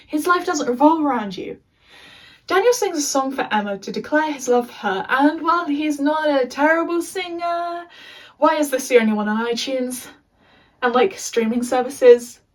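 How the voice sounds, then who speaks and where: A woman's voice: a little high, distant mic, rough recording. A young English woman recapping a TV show in a casual, chatty rant with sarcastic asides. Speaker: video essayist.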